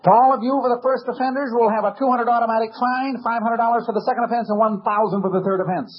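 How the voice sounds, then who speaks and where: Guy putting on a tough-talking judge, husky voice, raised pitch, muffled old tape. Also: steady tone, fast. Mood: scolding. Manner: tough street talk, lecturing. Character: gruff older male city judge scolding cabbies.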